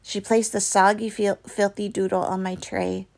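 A woman reading a novel aloud, with dramatic storytelling that turns soft and hushed in quiet passages. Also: medium pitch, flat delivery, normal speed, gravelly. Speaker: reader.

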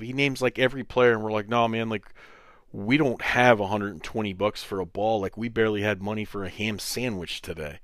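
A man with a fairly low voice tells a casual story for his podcast. He gets animated and jumps up in pitch when he quotes other people. The sound is dry and close, with no room echo. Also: fairly quick. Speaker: podcast host.

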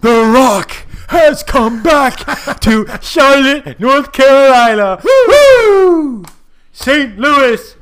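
A man putting on the voice of a loud, boastful male pro wrestler cutting a promo, in a gravelly shout. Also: sits high, expressive, a little slow, pitched above the performer's own voice, heavily acted. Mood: hyped.

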